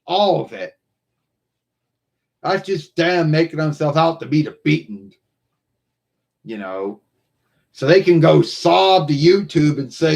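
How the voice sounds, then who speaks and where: A man's voice: on the high side, animated, slow, gravelly, pauses often, a little mellow. A man hosting his own live stream, talking casually and rambling, often circling back to repeat himself, into what sounds like a computer mic.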